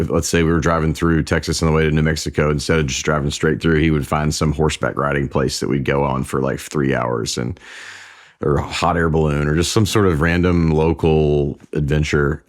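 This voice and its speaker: A man who is a singer-songwriter, talking as an interview guest and telling relaxed stories, with some restarts. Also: rumbling low. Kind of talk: conversational interview.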